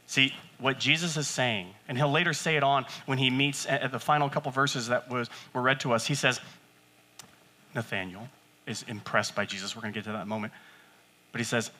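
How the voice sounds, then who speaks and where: A man preaching a sermon to his church in a conversational way, acting out quotes and jumping up in pitch for emphasis. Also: a little fast, pauses often, bright, forceful tone. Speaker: pastor.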